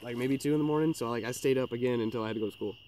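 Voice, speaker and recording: Male co-host, rapid rambling delivery, mellow tone, faint noise and crickets behind. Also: medium pitch, rough recording. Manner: fast, rambling, filler-heavy and swearing. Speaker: podcast co-host. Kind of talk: casual storytelling chat.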